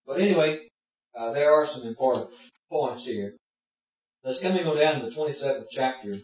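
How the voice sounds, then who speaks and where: Speaking at a moderate pace with a mid-range voice and lively intonation, a man runs an informal Bible class, explaining in a folksy style and asking his students questions along the way. The muffled recording catches him at a distance in a very echoey room.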